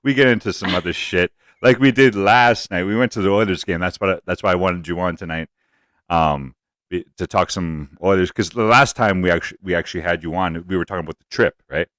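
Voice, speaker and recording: Deep-voiced young man hosting a casual podcast. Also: a little fast, a bit bright, dry recording, studio quality. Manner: loose, profane, rambling storytelling. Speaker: podcast host.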